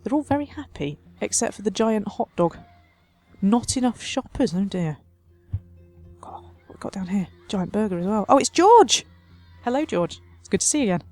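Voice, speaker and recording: A woman with an average-pitched voice talks her way through a city-building game. She speaks in a chatty, wry manner and addresses the tiny citizens directly. Faint music plays behind her. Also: moderate pace, warm tone. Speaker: let's play host. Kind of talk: casual game commentary.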